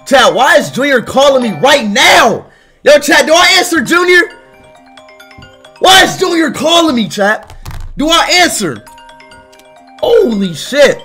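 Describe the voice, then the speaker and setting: A young man livestreaming, talking loudly and excitably to his chat and often shouting. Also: extremely high pitch, unhurried, long pauses, faint music behind.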